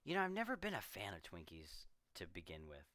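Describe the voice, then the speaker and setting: Animated man retelling a film. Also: low-pitched, brisk, no room sound. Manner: animated, acts out characters' lines. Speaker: podcast co-host. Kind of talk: casual film discussion.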